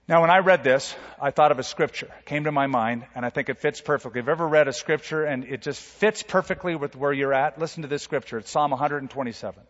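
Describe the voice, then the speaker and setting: A man, a pastor, preaching a sermon with dramatic swings between loud and soft. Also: medium pitch, quick pace, hardly any pauses. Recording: dull sound with long hall reverb.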